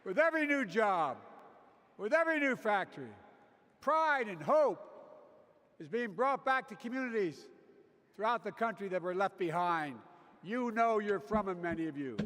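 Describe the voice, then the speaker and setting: A man's voice: lively intonation, moderate pace, long pauses, fairly bright tone. A man delivering a convention speech with emphatic, rallying oratory. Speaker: politician giving a speech. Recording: booming hall reverb, faint noise.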